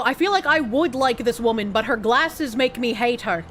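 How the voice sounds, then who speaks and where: A woman's voice: on the high side, moderate pace, fairly bright tone, slight background noise. A woman streamer giving playful, chatty commentary over a game. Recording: game music playing behind.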